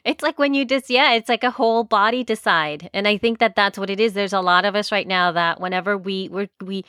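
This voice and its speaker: A woman's voice: medium pitch, brisk, sharp tone, dry recording, studio quality. A woman co-hosting a casual chat, rambling and hedging as she talks, laughing often. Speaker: podcast co-host.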